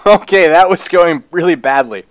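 A man's voice: on the high side, lively intonation, normal speed, noisy background. A man hosting prank calls, bossing his friends around with profane jokes. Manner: bossy, profane joking. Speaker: prank call host. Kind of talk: casual banter.

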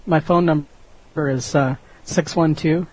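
A young man making a prank phone call, mock-polite and deadpan as he orders. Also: on the high side, slow, slightly rough. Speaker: prank caller.

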